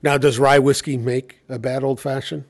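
A man's voice: mid-range voice, flat delivery, normal speed. A man speaking as a cocktail educator in a casual conversation, telling anecdotes and acting out what people said. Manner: anecdotal storytelling, acting out quoted exchanges.

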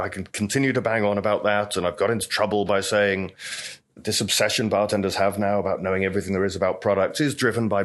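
A middle-aged man, a veteran bartender telling stories in an interview, with a chatty, anecdotal manner full of "you know". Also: lowish voice. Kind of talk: storytelling interview talk.

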